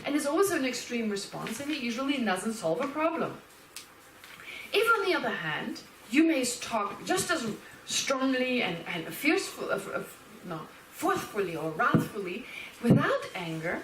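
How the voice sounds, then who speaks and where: A woman teaching Buddhist philosophy as a lecture, lively and animated, laughing and acting out little quotes as she explains. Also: on the high side, moderate pace, slight background noise. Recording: roomy hall, speaker far from the mic.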